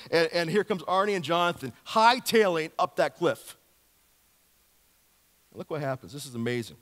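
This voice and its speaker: A male pastor giving a sermon in a lively, joking storytelling manner, firing off rhetorical questions to the congregation. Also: on the high side, a little fast. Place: church sanctuary. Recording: long hall reverb of a church.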